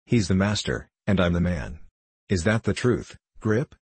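A man with a very low, husky voice playing a simple-minded young man in an audiobook. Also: animated, measured pace, darkish tone, no room sound, exaggerated voice.

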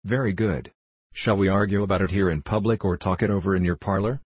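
A man voicing a cool, shrewd male detective in an audiobook reading, speaking in a crisp, assured and measured manner. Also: low voice, darkish tone, no room sound.

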